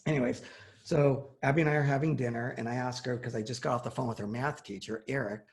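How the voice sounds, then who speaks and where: A man's voice: mid-range voice, steady tone, quick pace, creaky. A man in his forties telling a personal story in casual conversation, acting out the quoted dialogue.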